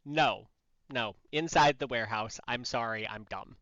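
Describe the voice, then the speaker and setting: Player at the table, quick and self-correcting, muffled mic. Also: medium pitch, a bit bright, no echo.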